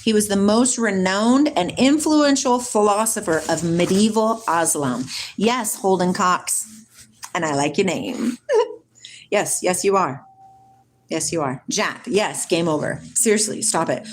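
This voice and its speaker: A woman's voice: medium pitch, expressive, measured pace, a little hiss or hum. A woman hosting a casual spiritual livestream. She reads aloud, greets viewers by name, laughs often and drifts off on tangents. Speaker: livestream host reading viewer comments.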